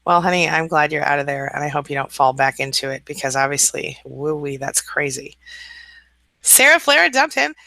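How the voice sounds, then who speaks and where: A woman hosting a casual live stream, reading out viewer comments and answering them with a warm, chatty manner. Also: a bass voice, little pitch movement, fairly quick, hardly any pauses, no room sound.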